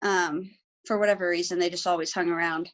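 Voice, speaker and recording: A woman's voice: lowish voice, fairly even intonation, brisk. A woman around thirty, a guest on a casual interview over a video call from home, recalling things in an easygoing, modest way. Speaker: interview guest, former college athlete.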